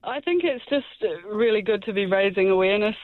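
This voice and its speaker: A woman's voice: medium pitch, fairly quick, no room sound. A woman calling in to a radio show, speaking thoughtfully with some hesitation. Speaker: caller. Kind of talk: casual phone-in chat. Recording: tinny phone line.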